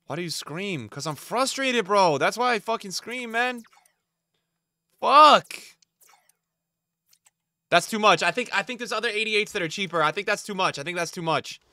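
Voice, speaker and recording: Streamer, male, tired; bright, slightly high voice, dry close mic, ranting at chat. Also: expressive, fairly quick, hardly any pauses, no room sound. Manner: swears and vents at chat, swinging from mumbling to yelling. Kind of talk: live-stream gaming chat.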